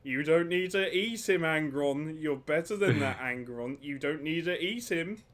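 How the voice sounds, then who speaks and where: Old adviser voiced by a man, gentle parental scolding, comic podcast bit. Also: a little high, unhurried. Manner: gentle, firm telling-off.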